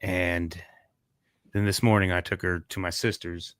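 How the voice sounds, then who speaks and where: A man's voice: low-pitched, flat delivery, a little slow, a bit bright, smooth, no echo. A man co-hosting a podcast, chatting casually in a laid-back, rambling way that trails off and restarts. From Kansas, USA. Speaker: podcast co-host. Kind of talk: casual chat.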